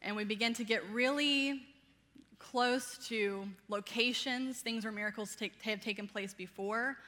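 A woman in her thirties with a Southern American accent, preaching a sermon energetically and playfully, laughing often and speaking fast. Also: on the high side, sharp tone, long reverb tail. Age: 30s.

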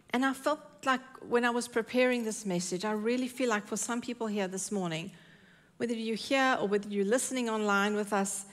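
Woman, preacher, sermon in church, earnest, emphatic, repeats key lines, mid pitch.

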